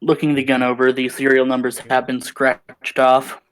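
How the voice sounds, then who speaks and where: A man's voice: medium pitch, monotone, moderate pace, a bit bright, smooth, poor audio. A man running a tabletop role-playing game as game master, describing details in a matter-of-fact way.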